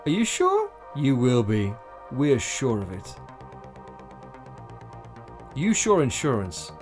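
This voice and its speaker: A man's voice: mid-range voice, huge pitch swings, slow pace, faint music behind. A man doing an over-the-top voice for a spoof insurance advert, in a theatrical voice-over delivery. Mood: salesy.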